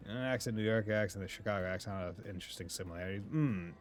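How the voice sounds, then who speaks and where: A man's voice: on the low side, racing, faint music behind. A man from Massachusetts with a Massachusetts accent, chatting casually and rambling as he streams a game, laughing often. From Massachusetts, USA. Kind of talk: casual chat while playing a game.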